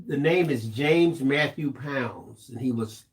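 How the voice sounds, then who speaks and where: A man's voice: mid-range voice, slow. A man co-hosting a livestream, reading viewer comments aloud and teasing the host in dry banter.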